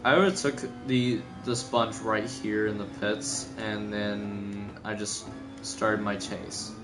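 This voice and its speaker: A young gaming video commentator talks casually over a replay of his own race while gameplay music plays behind him. Sleepy and yawning, he rambles, corrects himself, and leans heavily on fillers. His voice is fairly low and flat, and he speaks slowly.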